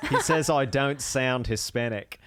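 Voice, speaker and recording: A man's voice: medium pitch, unhurried, a bit bright, slight background noise, natural voice. A man voicing a cheerful teenage boy from a boarding school in an attempted Australian accent, reading hesitantly and slipping into laughs. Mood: cheery.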